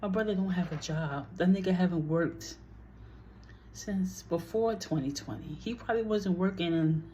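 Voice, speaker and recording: A woman's voice: lowish voice, moderate pace, dark tone, a little hiss or hum. A woman telling a personal story in a casual vlog, blunt and heated, swearing freely and acting out what others said.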